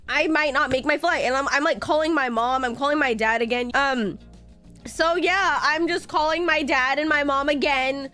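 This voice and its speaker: A woman's voice: high-pitched, moderate pace, pushed and bright, soft background music. A woman streamer telling a story casually, with dramatic, frantic delivery and plenty of swearing.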